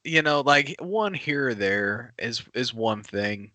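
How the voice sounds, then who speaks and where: A man co-hosting a casual podcast, telling a family story in animated fashion and acting out the voices of the people in it. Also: medium pitch, slow pace, no room sound. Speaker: podcast co-host. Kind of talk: casual chat.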